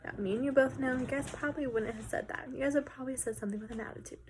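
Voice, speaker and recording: A woman teacher casually walking students through a recorded lesson, talking in a relaxed way with some filler words. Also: sits high, racing, slight background noise.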